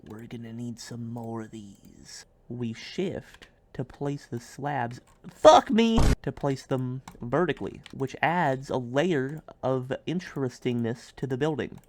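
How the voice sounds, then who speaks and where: A man streaming a building game, rambling casually with goofy jokes and sudden silly loud outbursts. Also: mid-range voice, a little slow, hardly any pauses, slight background noise. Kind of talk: casual gameplay commentary.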